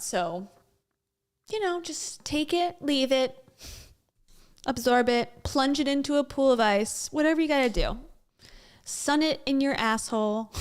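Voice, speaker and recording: A woman hosting her own channel, talking in a chatty, joking, casual commentary style. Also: high voice. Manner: chatty and joking, with frequent laughs and restarts. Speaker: vlogger host.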